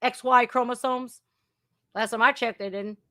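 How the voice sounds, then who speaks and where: A woman hosting a casual news commentary podcast, blunt, crude and sarcastic, swinging between loud outbursts and muttering. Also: on the high side, fairly even intonation, normal speed. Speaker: podcast host.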